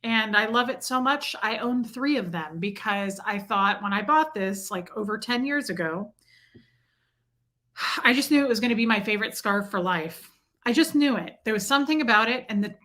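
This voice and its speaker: On her casual livestream, a woman speaks at normal speed in a slightly high, pushed, bright voice. She's chatty, running through viewers' names, and shares bits of her day, including her son and life in Michigan.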